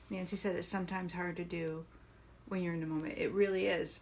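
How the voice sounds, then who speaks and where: A woman's voice: on the low side, fairly even intonation, brisk, darkish tone, a little hiss or hum. A woman hosting a live coaching stream, talking earnestly and encouragingly, asking her viewers questions.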